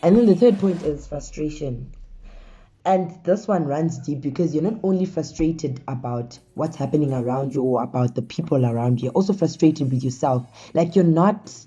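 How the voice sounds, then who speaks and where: Low, mellow-voiced woman host. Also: moderate pace, breathy edge, highs cut off. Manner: conversational, addresses listeners as guys. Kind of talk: casual talk show monologue.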